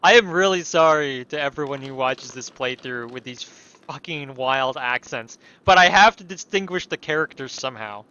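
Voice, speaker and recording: A man's voice: medium pitch, expressive, moderate pace, few pauses, sharp tone, clear, resonant tone, highs cut off. A man casually commenting on a game he is playing, swearing and joking as he goes. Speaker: streamer.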